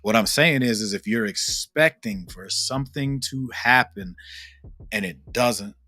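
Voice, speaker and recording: A man with a somewhat low, slightly slow voice that sounds pushed and bright delivers a casual devotional teaching as a minister. The recording is clean studio sound with no echo. He speaks in a slangy, conversational way, often asking "right?" and telling stories with emphatic repetition of his points.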